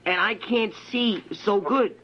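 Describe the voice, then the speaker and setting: A man's voice: high voice, takes it slowly. A man putting on a muddled old phone caller. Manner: rambling, mishears and repeats himself. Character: confused elderly man complaining about glasses. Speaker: prank caller. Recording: lo-fi phone-call recording with faint noise.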